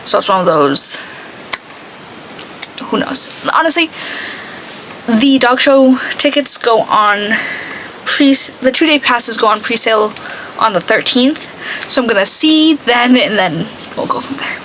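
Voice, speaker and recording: Young woman beauty vlogger, slightly high voice, rambling casual chat, faint hiss behind. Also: animated, measured pace, long pauses, a bit bright, low-quality recording. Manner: rambling, chatty, lots of "like". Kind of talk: casual chat while doing makeup.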